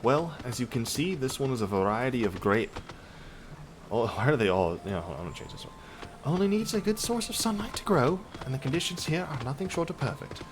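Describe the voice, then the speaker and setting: A man's voice: very animated, a little fast, slight background noise, lightly acted. A man reading game dialogue aloud as an overworked male farm laborer, trying for an Irish or Scottish lilt. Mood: chatty. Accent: attempted Irish or Scottish lilt. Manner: louder, higher and brighter than his own voice.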